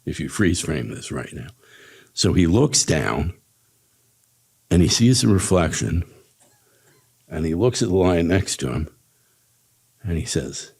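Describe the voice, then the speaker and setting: Brief: low, husky male meditation teacher, casual and chuckling. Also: animated, measured pace, long pauses, darkish tone. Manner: casual, chuckling, rambling storyteller. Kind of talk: spiritual teaching talk with storytelling. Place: ashram talk.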